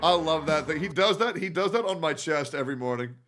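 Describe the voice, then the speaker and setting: A man's voice: on the high side, lively intonation, fairly quick, fairly bright tone, faint music behind. A male streamer reacting casually on a live stream, swearing and gushing with frequent exclamations. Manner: profane, gushing, exclaims a lot.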